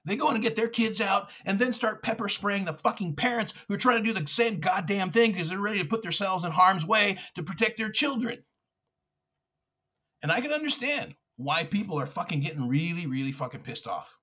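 A man's voice: high-pitched, a little fast, sharp tone, husky. A man hosting a podcast, delivering a furious, profane political rant with mocking asides. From United States. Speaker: podcast host.

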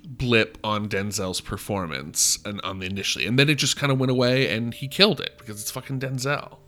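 A man's voice: on the low side, a little fast, pushed and bright. A man co-hosting a podcast in casual movie-review chat, emphatic and laughing, swearing freely. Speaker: podcast co-host.

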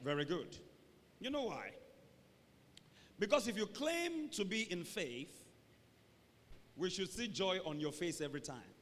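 A man preaching a sermon as pastor, animated, swinging from booming shouts to low mocking asides. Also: a little slow, pauses often. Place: church hall. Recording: reverberant church hall.

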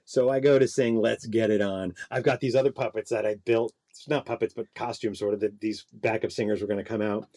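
A man guest telling a rambling, animated story in casual conversation, hedging as he goes. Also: on the low side, brisk, hardly any pauses, no echo. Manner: rambling, self-doubting, animated. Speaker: guest, performer.

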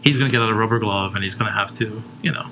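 A man's voice: on the low side, rapid-fire, background noise. A man co-hosting a comedy show, rambling through crude stories with lots of swearing and laughing at his own jokes.

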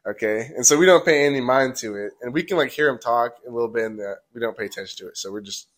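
A man's voice: medium pitch, quick pace, fairly bright tone. A young man, a podcast host, telling a story casually with many "like"s and acted quotes. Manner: rambling, many "like"s, acts out quotes.

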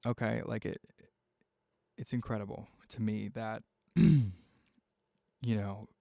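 Gravelly young man, casual podcast ramble. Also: on the low side, slow pace, dark tone, dry recording, clean studio sound. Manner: rambling, heartfelt, swears freely, many fillers. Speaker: podcast host. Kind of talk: casual solo podcast talk.

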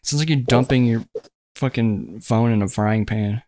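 A man's voice: medium pitch, moderate pace, a little mellow. A young man co-hosting a casual podcast over voice chat, telling stories loosely with swearing and laughter. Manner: laid-back, swearing, laughing storyteller. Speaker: podcast co-host.

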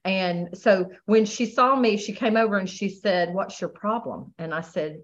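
A woman telling a painful personal testimony in a halting way, full of restarts and pauses. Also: mid-range voice, lo-fi sound. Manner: halting, many restarts and "you know". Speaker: guest sharing her testimony.

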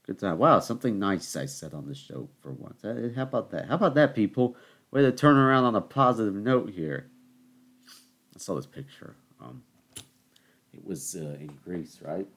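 Low-voiced man in a rambling solo rant. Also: very animated, moderate pace, fairly bright tone. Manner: chatty, rambling, addresses listeners as people. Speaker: podcast host.

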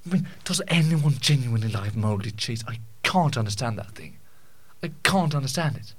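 Brief: male podcast host, mid-pitched, casual comic rant, stumbles and restarts a lot. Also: animated, normal speed. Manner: rambling, with many restarts and stammered repeats; jokey, mock-indignant.

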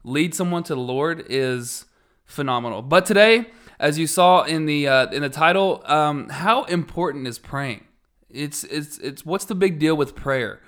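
A man, a church minister and co-host, speaking in a measured, thoughtful way in a casual ministry chat, with some fillers. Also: fairly high pitch, a bit bright.

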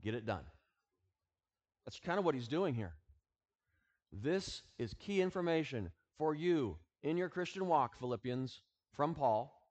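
A man who is a teacher and football coach, giving a conversational Bible talk to students, full of sports analogies and easy chuckles, reading scripture slowly and softly. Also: a little high, expressive, muffled recording. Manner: casual, uses sports analogies, chuckles often.

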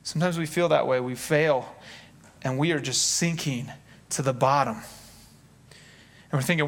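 A man's voice: mid-range voice, moderate pace, pauses often. A man preaching a sermon in an earnest, conversational way, acting out quotes from scripture. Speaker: pastor.

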